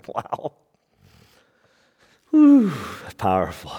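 A man with a notably high voice preaches to his congregation, pacing his words slowly. He acts out the people in the story and laughs along as he goes. The sermon carries the long reverb of a large sanctuary. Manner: animated, acts out quoted voices, laughs often. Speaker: pastor.

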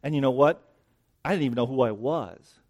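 With a mid-range, slightly mellow voice and the highs cut off, a man preaches a little fast outside near dense greenery. He talks conversationally, somewhat out of breath, frequently asking his audience "right?".

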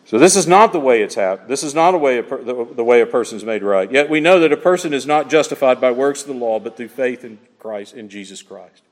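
A man's voice: mid-range voice, expressive, brisk, hardly any pauses, in a large hall. A man preaching an expository sermon, pressing his points with emphatic repetition and rhetorical questions to the congregation. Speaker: pastor.

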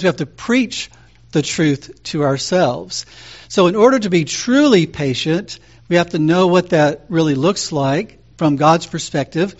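A man preaching as pastor, calm and conversational, telling stories with frequent fillers. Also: on the high side, muffled recording. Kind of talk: sermon.

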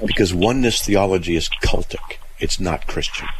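A man's voice: low voice, moderate pace, a little hiss or hum, low-quality recording. A man hosting a call-in radio show, reading hate mail aloud and answering it bluntly. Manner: blunt, animated, laughs at what he reads.

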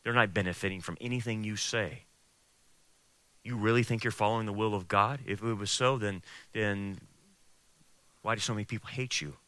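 A man voicing the devil as a low, hushed, taunting whisperer of doubt. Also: moderate pace, long pauses, dry recording, close to an everyday voice.

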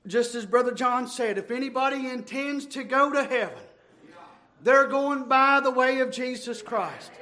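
A man preaching a fervent sermon, shouting in bursts and running out of breath. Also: very high-pitched, normal speed.

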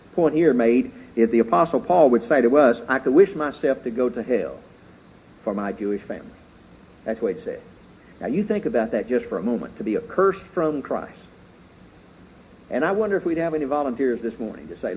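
A middle-aged man preaching a sermon as pastor, fervent and rising loud when he reads scripture. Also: mid-range voice, lively intonation, brisk, slightly rough, low-quality recording.

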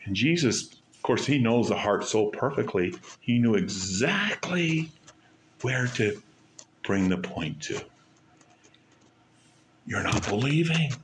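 A man preaching a sermon, asking rhetorical questions and stressing points with pauses and sudden drops in volume. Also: mid-range voice, lively intonation, noisy background. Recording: echoey room.

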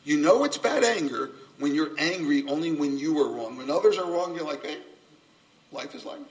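A man preaching a sermon, animated, acting out quoted voices and repeating his key phrases. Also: a little high, a little fast, recorded from a distance, poor audio. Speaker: pastor.

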